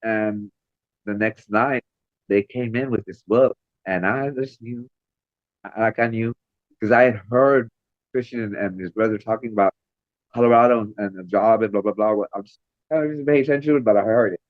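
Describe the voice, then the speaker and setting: A middle-aged man, a makeup artist and female illusionist, telling stories in an interview with lively acted-out quotes and frequent laughter. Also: on the low side, normal speed, no room sound. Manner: animated, acts out quoted voices, laughs often. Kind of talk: storytelling interview. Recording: dry, slightly dull lo-fi recording.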